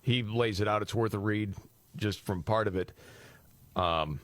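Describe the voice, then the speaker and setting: A man's voice: fairly low pitch, a little slow, dry recording. A man co-hosting a casual news talk podcast, teasing his co-hosts and steering the chat with questions. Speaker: podcast co-host leading the segment.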